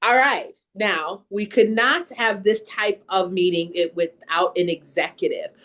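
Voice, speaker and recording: A woman's voice: medium pitch, unhurried, a bit bright. A woman moderating a town hall panel, introducing speakers in an upbeat, enthusiastic way.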